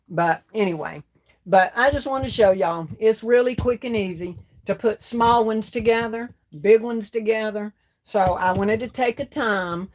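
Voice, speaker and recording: A chatty woman talks viewers through a craft project on a livestream in a loose, casual way. She speaks at an ordinary mid pitch and keeps calling her audience "y'all". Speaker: livestream host making gift baskets. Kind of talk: casual live demonstration talk.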